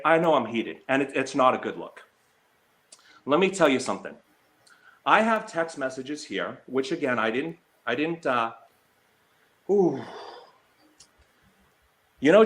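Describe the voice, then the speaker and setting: A man's voice: medium pitch, fairly bright tone. A middle-aged man vlogging an angry personal callout, heated and indignant as he reads text messages aloud. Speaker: slots vlogger.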